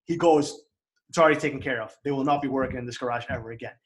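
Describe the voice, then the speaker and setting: A man with a Boston accent telling an angry story in casual chat, fast and profane. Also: mid-range voice.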